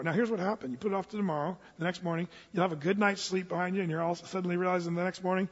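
A man's voice: high-pitched, fast, husky. A man preaching a conversational sermon, folksy and humorous, with frequent stumbles and restarts. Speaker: pastor. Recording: dull, reverberant hall sound.

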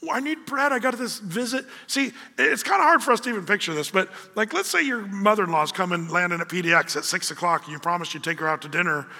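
Telling stories through his sermon, this pastor slips into character voices with lively energy. He speaks at a quick pace with few pauses, in a high, very bright voice with a creaky quality. Each phrase fades into a long hall reverb.

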